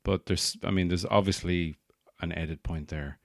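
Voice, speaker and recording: A man's voice: sits low, steady tone, normal speed, creaky, no room sound, studio quality. An Irish man hosting a podcast, rambling through a jokey comic monologue and slipping into put-on accents. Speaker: podcast host and stand-up comedian. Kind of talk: casual comedic monologue.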